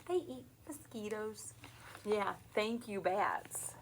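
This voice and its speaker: Reading a picture book to young kids, this teacher uses a slow, sing-song delivery, stopping for questions and animal sounds. Her voice is high with big pitch swings, set against a noisy background.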